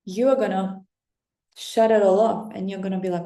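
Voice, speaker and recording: A woman's voice: mid-range voice, fairly even intonation, moderate pace, mellow, echoey room. A young woman coach giving a passionate, blunt motivational talk straight to her audience, swearing freely. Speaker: self-help coach. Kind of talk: direct-to-camera motivational talk.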